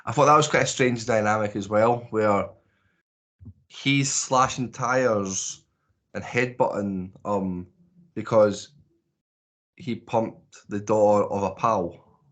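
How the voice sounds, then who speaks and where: A Scottish man with a fairly low voice rambles through a casual movie review for a podcast. He swears freely and restarts his sentences often as his thoughts pile up. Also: fairly even intonation, takes it slowly, pauses often, a bit bright. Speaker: podcast co-host.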